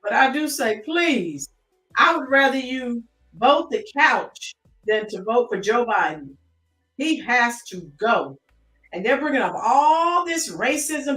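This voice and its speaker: A woman's voice: fairly high pitch, sing-song, unhurried, fairly bright tone, echoey room, recorded from a distance, faint music behind. An American woman hosting a live-stream commentary, chatting and greeting her chat viewers by name. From United States.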